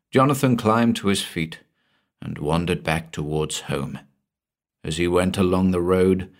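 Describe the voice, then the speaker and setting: The clip features a man telling a scripted horror tale in a low, deliberate, dramatic voice. At the close of his phrases, he drops almost to a whisper.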